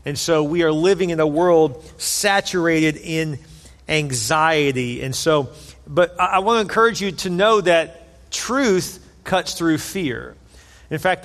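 A man's voice: a little high, a little slow, fairly bright tone, long reverb tail. A man preaching a sermon in an earnest, conversational way, repeating phrases for emphasis. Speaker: pastor.

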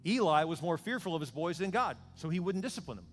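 A man's voice: fairly high pitch, very animated, fast, faint music behind. A male pastor preaching a sermon, urgent and pleading as he makes an altar call.

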